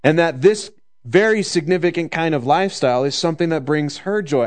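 A man preaching a conversational sermon, joking in asides and slowing down to stress the scripture. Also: a little high.

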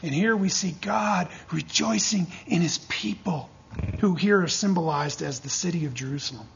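A man's voice: high voice, moderate pace, creaky, dull audio, a little hiss or hum. A man preaching a teaching sermon, checking in with his listeners again and again with call-and-response asides. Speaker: pastor teaching a church class.

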